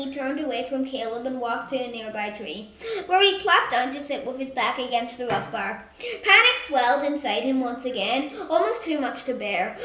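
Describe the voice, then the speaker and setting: A woman reads a story aloud with lively storybook narration, now and then stumbling and correcting herself. Her voice is high and bright. It is recorded in a room with a clear echo. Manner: lively reading with small stumbles. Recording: echoey room.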